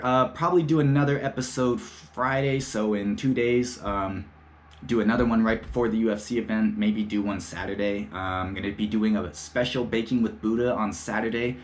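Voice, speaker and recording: A man hosting his own podcast solo, chatting casually in a loose, profane, storytelling way. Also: on the low side. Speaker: podcast host.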